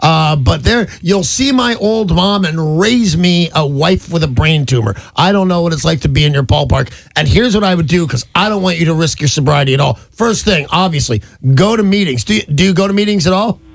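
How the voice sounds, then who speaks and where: A man's voice: a little high, brisk, creaky, few pauses, dry recording. A man hosting a call-in radio advice show, talking to a caller in a frank, blunt, matey way. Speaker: radio host giving advice. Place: radio studio. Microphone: studio microphone.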